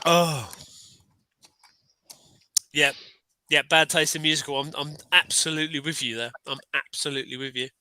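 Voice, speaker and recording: Bright, enthusiastic man. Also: fairly high pitch, fairly even intonation, moderate pace, pauses often, no room sound. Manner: enthusiastic, rambling with many restarts. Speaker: livestream co-host. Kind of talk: casual chat.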